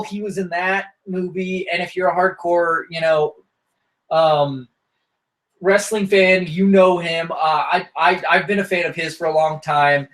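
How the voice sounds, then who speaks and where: A man's voice: on the high side, moderate pace, low-quality recording. A man hosting a casual comics podcast, talking in an enthusiastic, rambling way. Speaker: podcast host reviewing comics.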